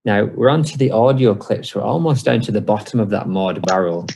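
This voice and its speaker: A man with a low, gravelly voice co-hosts a casual podcast. He delivers mock sponsor reads and dry banter in a chatty, joking way. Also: animated, a little fast, a little mellow, slight background noise. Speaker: podcast co-host.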